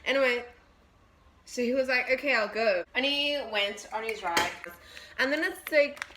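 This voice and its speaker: A woman's voice: a little high, normal speed. Young woman yapping while baking in her kitchen, swears a lot, noisy clicky home video. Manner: chatty, swears, jumps between recipe and story. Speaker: vlogger baking and telling a story. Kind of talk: casual story-time chat.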